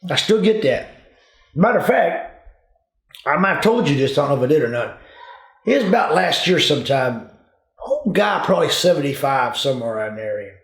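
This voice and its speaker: A man's voice: a little high, big pitch swings, normal speed, pauses often. An older man, a retired police officer telling folksy stories in casual talk. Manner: folksy, drawling, addresses listeners as folks. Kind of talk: casual storytelling. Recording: echoey room.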